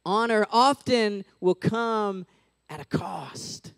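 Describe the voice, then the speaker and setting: A man's voice: sits high, slow, gravelly, a bit bright, smooth, no room sound. A man in his thirties giving a casual, chatty sermon as a youth pastor, full of "like" and "right?", on a close mic.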